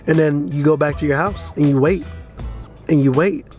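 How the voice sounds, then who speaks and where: A man's voice: fairly high pitch, normal speed, darkish tone, faint music behind. A man ranting casually to camera as a crypto vlogger, frustrated and blunt, swearing freely and urging his viewers again and again.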